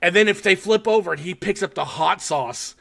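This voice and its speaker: This podcast co-host recaps a horror short with plenty of energy, cursing often and breaking into laughter mid-telling. His high voice is brisk and creaky, and crowd noise can be heard.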